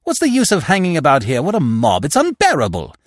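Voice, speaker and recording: A man's voice: medium pitch, sing-song, moderate pace, no echo, studio quality, natural voice. A man voicing a brusque police inspector who grumbles and complains irritably. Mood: impatient.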